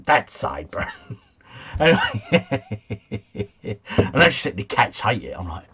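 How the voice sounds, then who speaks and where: A man's voice: on the high side, huge pitch swings, measured pace, a bit bright, husky. A man hosting a casual quiz livestream from home, chatting, chuckling and answering comments from his viewers.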